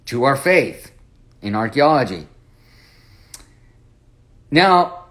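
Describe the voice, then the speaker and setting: A man leading a Bible study, talking through scripture with rhetorical questions and acted-out quotes. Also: fairly high pitch. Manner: animated, acts out quoted lines, rhetorical questions.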